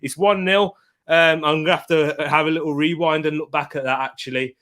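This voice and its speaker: A young man hosting a live football watchalong stream from home, tired, chatting casually, giving slangy shout-outs and reading out viewers' comments. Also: fairly high pitch, steady tone, brisk. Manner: chatty, greets viewers and reads out chat comments.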